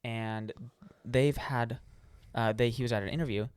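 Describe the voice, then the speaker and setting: Young man, podcast co-host, casual chat, smooth clear voice, dry close sound, many ums. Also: mid-range voice, steady tone, moderate pace, a little mellow, dry recording. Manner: storytelling with lots of ums and restarts.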